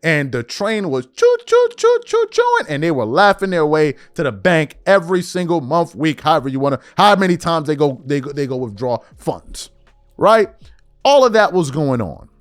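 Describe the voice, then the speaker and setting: A man hosts a podcast with a high, lively voice that climbs and drops as he questions and reads news aloud. The sound is dry and close, with faint music underneath. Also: moderate pace, no room sound. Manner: animated, incredulous, reads articles aloud. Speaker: podcast host. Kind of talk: political commentary.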